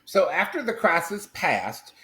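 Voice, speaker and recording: A man's voice: high voice, very animated, measured pace, pushed and bright, full character voice. A man playing a rambling country guy. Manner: rambling, folksy, meandering storytelling with crude asides. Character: rambling folksy Southern country man, middle-aged. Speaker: comedy character host. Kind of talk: improvised comic monologue. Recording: roomy echo.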